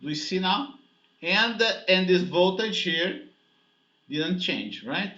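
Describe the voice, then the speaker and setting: A man's voice: high voice, animated, slow, sharp tone. Man lecturing in an echoey room. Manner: explanatory, checks understanding with frequent "okay?" and "right?". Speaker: physics teacher. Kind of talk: classroom lecture. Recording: echoey dull lecture recording.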